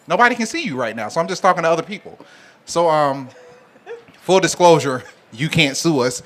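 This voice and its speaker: A man's voice: on the high side, fairly bright tone. Joking man hosting a crowd. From Alabama. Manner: joking, teasing, conversational. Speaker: host. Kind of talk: live show hosting, bantering with the audience. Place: live event venue with an audience.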